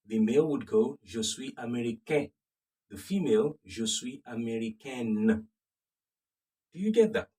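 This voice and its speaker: A man with a Nigerian accent teaches French in a slow, deliberate way, repeating each phrase and asking if the class follows. His voice is low and husky and sits some distance from the mic. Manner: repeats phrases, checks understanding with questions.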